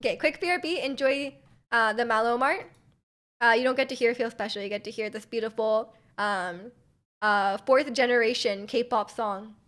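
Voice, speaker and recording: A young woman from Canada chatting on a live stream in a high, bright register. She talks in quick, giggly bursts packed with "like" and "um". Her mouth sounds dry after hours of talking. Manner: chatty, giggly, lots of fillers. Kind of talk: casual chat with live chat.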